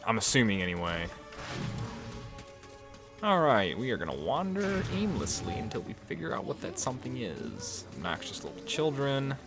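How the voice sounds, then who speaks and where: A man's voice: fairly low pitch, huge pitch swings, moderate pace, vocal fry, long pauses. A man casually commenting while he plays a video game, joking and swearing at the characters. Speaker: let's play host. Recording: game music playing behind.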